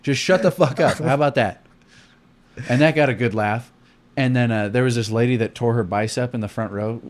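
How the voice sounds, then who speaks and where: A young man, a comedian co-hosting a podcast, telling profane stories in casual chat and acting out quotes loudly. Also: medium pitch, steady tone, fairly quick.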